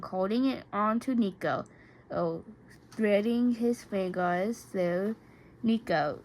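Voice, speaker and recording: Slow, stumbling woman reading a story. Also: mid-range voice, rough recording. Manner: stumbling, frequent restarts and self-corrections. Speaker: fan fiction reader. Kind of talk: amateur reading aloud of fan fiction.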